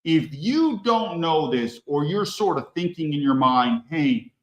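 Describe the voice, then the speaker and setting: A man's voice: on the high side, sing-song, a little slow. Emphatic man ranting in an echoey room. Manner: emphatic, blunt, repetitive. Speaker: host. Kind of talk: ranting commentary stream.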